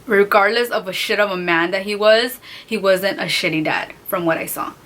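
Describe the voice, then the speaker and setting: A young woman telling a storytime vlog, animated and profane, acting out the other people's voices as she goes. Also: medium pitch, normal speed, slight background noise. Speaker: vlogger.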